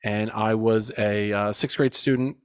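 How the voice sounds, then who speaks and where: His pitch fairly low and his intonation fairly even, a man in his forties talks unhurriedly in a clean tone with no room sound. He's a men's coach on a podcast, recounting a personal story earnestly and reflectively, stressing moments as he retells them.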